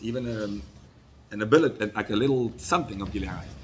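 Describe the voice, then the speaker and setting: A male rabbi telling a story in a sermon, acting out the people he quotes and dropping his voice low for sad moments. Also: fast, breathy edge.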